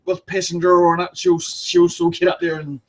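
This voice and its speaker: A man's voice: high voice, flat delivery, moderate pace, a little hiss or hum. A man with a New Zealand accent, a guest chatting casually and rambling through stories. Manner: rambling, self-deprecating storyteller. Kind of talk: casual podcast chat.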